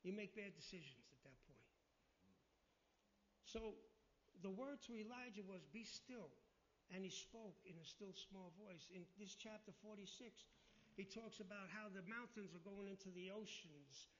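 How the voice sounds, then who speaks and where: A man's voice: sits high, moderate pace, fairly bright tone, muffled recording, slight background noise. A man preaching a sermon, reading scripture aloud with rising emphasis and then explaining it in a conversational way.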